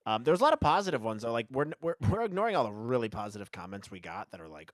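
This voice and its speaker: A man's voice: on the low side, big pitch swings, racing, few pauses, no echo, clean studio sound. A man co-hosting a podcast in casual chat, reading comments aloud in a joking, sarcastic way and laughing often. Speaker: podcast co-host.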